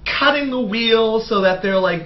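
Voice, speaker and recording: A man's voice: high voice, measured pace, heavy background noise. A man co-hosting a movie review podcast, recapping scenes animatedly in casual chat. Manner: animated storyteller, recaps scenes with acted-out quotes. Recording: dull lo-fi podcast audio.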